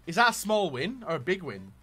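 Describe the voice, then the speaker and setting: A man giving gaming commentary as he opens packs, excitable, dropping to low muttering and then bursting into shouts. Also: fairly quick, breathy edge, soft background music. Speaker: gaming YouTuber. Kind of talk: pack-opening gaming commentary.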